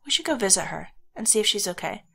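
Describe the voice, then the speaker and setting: A young American woman giving casual let's play commentary, chatty and thinking out loud with amusement. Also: medium pitch, big pitch swings, quick pace, vocal fry, a little hiss or hum. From United States.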